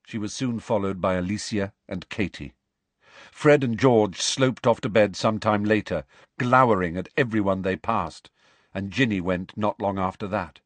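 A man narrating an audiobook with an expressive, varied reading. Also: on the low side, moderate pace, no echo.

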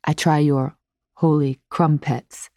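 A woman reading the part of a cheerful, talkative young man from Mexico in simple, warm phrases. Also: low-pitched, flat delivery, slow pace, no echo, clean studio sound. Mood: chatty.

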